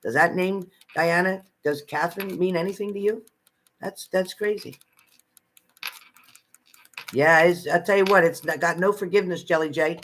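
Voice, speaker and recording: A man's voice: high-pitched, normal speed, pauses often, a bit bright, a little hiss or hum. Chatty man giving psychic readings. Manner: chatty, repeats phrases, addresses viewers by name. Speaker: psychic reader. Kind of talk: live spirit-message readings to viewers. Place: at home.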